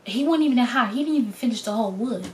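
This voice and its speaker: A young adult woman telling a story in a casual, blunt and animated way, acting out the lines of the people in it. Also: on the high side, very fast, a little hiss or hum. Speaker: vlogger.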